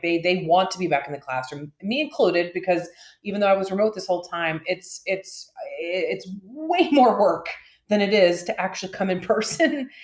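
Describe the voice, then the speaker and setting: Woman co-host, casual and fed-up, rambles and curses, recorded in a roomy, echoing space. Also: medium pitch. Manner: frustrated, profane, rambling with many fillers. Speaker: podcast co-host. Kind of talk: casual ranting chat.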